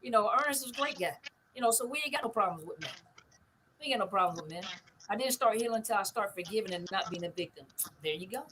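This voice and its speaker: Speaking fast at a medium pitch with lively intonation, a middle-aged woman hosts a casual live stream on narcissistic abuse recovery, with background noise audible. She answers comments emphatically, going over her points again and often asking if you see what she means.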